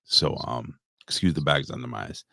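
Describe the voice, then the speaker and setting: Male co-host, very low voice, dry close sound, halting and emotional. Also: gravelly, sharp tone, dry recording. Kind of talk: casual livestream chat.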